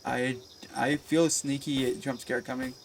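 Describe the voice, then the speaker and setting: A man giving let's play commentary on a horror game, excitable and talking back to the game characters. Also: medium pitch, a little slow, creaky, slight background noise. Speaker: gaming video creator.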